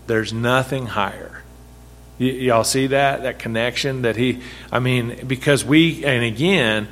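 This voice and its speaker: A man's voice: medium pitch, a bit bright, a little hiss or hum. A man leading a Bible study, talking conversationally, asking the group questions and repeating his points for emphasis. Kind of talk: interactive sermon teaching.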